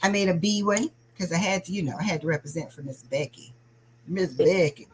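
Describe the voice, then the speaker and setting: A woman's voice: mid-range voice, quick pace, a little hiss or hum, poor audio. A woman chatting casually while crafting on a livestream, greeting viewers by name as she works.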